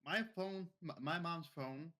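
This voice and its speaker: A man's voice: a little high, a little slow, bright, forceful tone. A young man co-hosting a podcast, telling a scary story in a rambling way, often repeating himself and restarting. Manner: rambling, repeats words and restarts, mimics others' speech. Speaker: podcast co-host. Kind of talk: casual storytelling.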